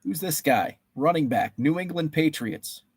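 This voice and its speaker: A man's voice: on the high side, lively intonation, measured pace, breathy edge, no echo. A man hosting a live stream, running a guessing game with trading cards, reading out viewers' names and answers in a chatty, playful way. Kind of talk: casual live-stream chat.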